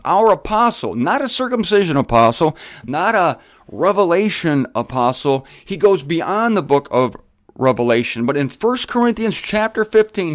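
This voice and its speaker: A man's voice: sits high, dry recording, clean studio sound. A man hosting a show, teaching the Bible in an emphatic, conversational way that wanders into side remarks and talks straight to his listeners. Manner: spells words out letter by letter.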